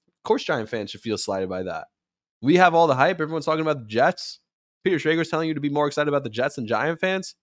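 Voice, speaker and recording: A man hosting a show, talking sports in a casual, animated way and rising to near-shouts when he acts out quotes. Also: a little high, fast, dry recording, studio quality. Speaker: podcast host and sports radio commentator.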